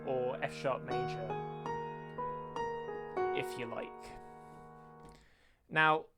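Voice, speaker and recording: A video creator explaining music theory in a lesson, counting beats aloud and singing rhythms to show them. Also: mid-range voice. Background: faint music playing.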